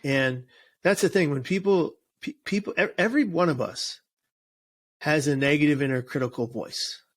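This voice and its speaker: In a relaxed interview, a suicide prevention speaker appears as the guest, his voice on the high side and his pace normal. His delivery is earnest and forceful, with many restarts and repeated words.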